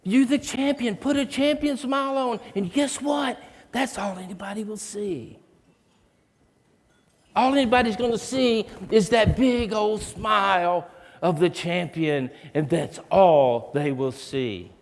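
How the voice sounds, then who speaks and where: Rich: A man doing a kind schoolteacher, a woman, her voice lifted high as she builds a child up. Rousing and emphatic, ringing out with a long hall reverb behind her. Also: unhurried. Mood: encouraging.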